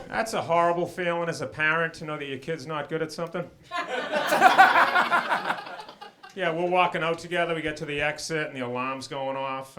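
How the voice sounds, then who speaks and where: A middle-aged man performing a stand-up comedy set, with a dry, punchline-driven delivery and quick asides to the crowd. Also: a little high. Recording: loud background noise.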